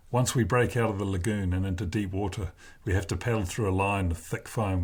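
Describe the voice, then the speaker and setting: A man with a husky voice reading a first-person novel aloud in a slow, deliberate way. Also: low-pitched. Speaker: narrator.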